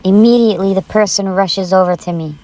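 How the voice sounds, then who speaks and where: A woman's voice: medium pitch, fairly quick, mellow. A woman narrating a true scary story in the first person, with a tense, urgent delivery.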